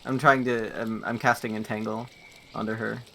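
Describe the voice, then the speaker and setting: A man's voice: fairly low pitch, level tone, moderate pace, creaky, sharp tone, slight background noise. A man playing in a tabletop game, eagerly calling out his spells and rolls. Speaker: player. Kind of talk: casual tabletop game play.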